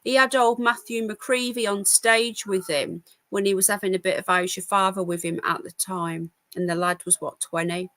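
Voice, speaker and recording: With a mid-range, steady voice, sharp tone and few pauses at normal speed, a tired UK woman hosts a laid-back news livestream. She yawns, speaks bluntly and reads viewer chat; the audio has no echo.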